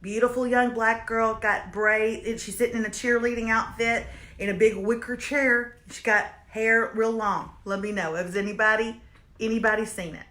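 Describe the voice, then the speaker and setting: A woman's voice: fairly high pitch, steady tone, moderate pace, bright, forceful tone. A woman hosting a casual show reviewing streaming series, reading viewer comments aloud and hammering her points home by repeating them. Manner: emphatic, repeats lines for comic effect. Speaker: host reviewing streaming shows. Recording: echoey room.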